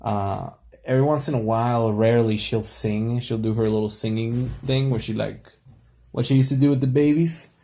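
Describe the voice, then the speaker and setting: A man's voice: medium pitch, steady tone, moderate pace, warm tone. A young man talking casually to camera late at night, rambling with lots of fillers and restarts.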